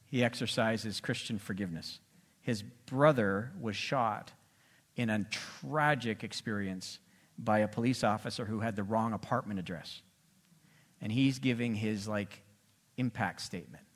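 Pastor preaching with swings in volume. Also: male voice, fairly low pitch, unhurried. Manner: expressive preaching, voice swinging from loud to soft. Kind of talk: sermon.

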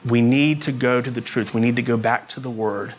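Guy preaching a sermon, chatty and relaxed, medium voice, a little faint hiss behind. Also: medium pitch, fairly quick. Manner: conversational preaching with asides. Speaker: pastor.

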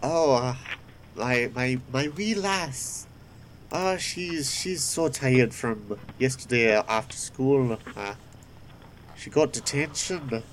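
A man's voice: medium pitch, takes it slowly, a little hiss or hum, close to an everyday voice, poor audio. A man voicing a cheerful middle-aged male baker, calling people lass. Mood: cheery. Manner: jolly, folksy, calls people lass.

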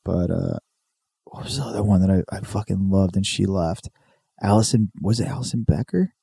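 A man's voice: low voice, a little fast, creaky, warm tone, breathy edge, no room sound. A man chatting casually and swearing freely, rambling as he retells comedy sketches. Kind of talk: casual chat.

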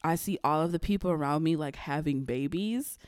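A young woman hosts a podcast in a deep, slightly dark, clear and resonant voice, talking a little fast. She tells a personal story bluntly, swearing and at times fighting back tears, in a dry, clean studio recording.

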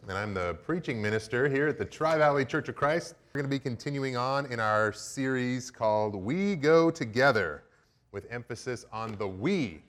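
A young man addresses his church congregation in a relaxed, joking tone, speaking plainly and directly. His voice sits at an ordinary middle pitch, neither deep nor high. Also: moderate pace, hardly any pauses. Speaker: preaching minister. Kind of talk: casual sermon announcements. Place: church sanctuary.

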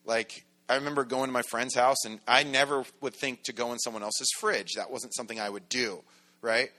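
A man's voice: medium pitch, steady tone, fairly quick, bright, forceful tone. A middle-aged man preaching a casual, conversational sermon as a pastor, full of asides and rhetorical questions.

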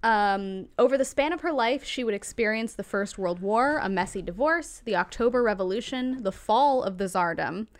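A woman's voice: medium pitch, animated, moderate pace, few pauses. A woman co-hosting a podcast in casual chat, chatty with frequent ums and self-corrections. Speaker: podcast co-host.

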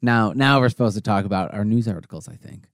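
A man's voice: fairly low pitch, lively intonation, quick pace, no echo, clean studio sound. A man co-hosting a casual podcast, easygoing and steering the talk back on topic. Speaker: podcast co-host. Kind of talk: casual chat among friends.

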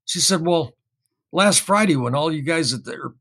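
A man telling a story in casual speech, rambling and repeating himself, getting animated when he quotes other people. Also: on the high side, normal speed, creaky, slightly rough. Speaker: guest recounting an experience.

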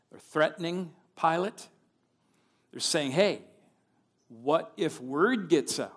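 Brief: male Bible teacher, unhurried and deliberate, explains as he reads. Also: fairly high pitch, lively intonation.

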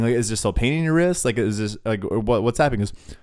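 Young male co-host, relaxed storyteller with a skater-slang manner, mid-pitched. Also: fast. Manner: laid-back, says "dude" and "like" a lot. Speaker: podcast co-host. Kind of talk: casual faith talk, storytelling.

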